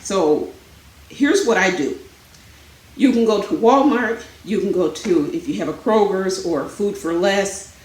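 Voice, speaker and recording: A woman's voice: medium pitch, lively intonation, measured pace, darkish tone, reverberant, low-quality recording. A woman vlogging from home in a chatty, rambling way, out of breath. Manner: chatty, rambling, many fillers. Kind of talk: casual chat. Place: home, indoors.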